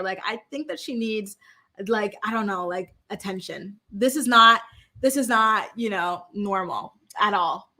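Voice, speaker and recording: Sassy bright-voiced woman gossip recapper. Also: mid-range voice. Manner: sassy, gossipy, heavy filler use. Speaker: reality TV recap host. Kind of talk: casual recap commentary.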